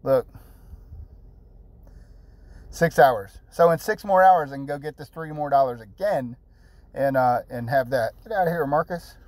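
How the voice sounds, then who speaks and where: A man's voice: mid-range voice, unhurried, long pauses, darkish tone, dry recording. A man in his thirties hosting a casual app tutorial, rambling and chatty with fillers and repeated words, blunt and jokey with mild swearing. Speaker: channel host.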